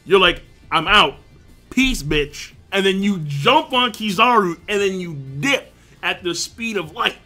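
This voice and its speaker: A young man hosting a live manga reaction, reading panels aloud and reacting with crude jokes and loud exclamations. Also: sits high, lively intonation, normal speed, soft background music.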